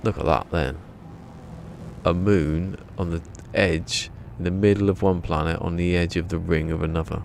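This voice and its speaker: A man's voice: low voice, fairly even intonation, normal speed, creaky, darkish tone. A tired man chatting casually to his live-stream audience while he plays, rambling and talking to himself. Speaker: game streamer. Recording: noisy stream audio.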